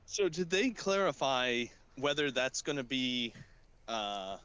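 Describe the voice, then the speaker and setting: A man with a bright, forceful voice co-hosts a laid-back podcast. He talks slowly and keeps asking questions to pin down the details. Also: mid-range voice, sing-song, clear, resonant tone, muffled recording. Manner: inquisitive, asks follow-up questions. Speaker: podcast co-host. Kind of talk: casual podcast chat.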